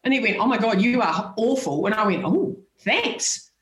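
A woman's voice: medium pitch, animated, fast talker. A woman, talking bluntly and frankly as a podcast guest and laughing often. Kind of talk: casual chat. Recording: roomy echo.

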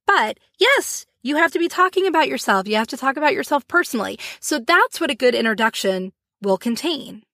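Female podcast host, high voice, animated and chatty, dry studio sound. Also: brisk, no room sound. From Florida, US. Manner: animated, laughing, acts out little scenes. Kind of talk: solo podcast talk.

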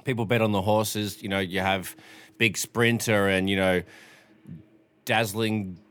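A man's voice: fairly low pitch, steady tone, measured pace, fairly bright tone. An Australian man hosting a podcast, talking in loose, rambling, profane banter. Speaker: podcast host.

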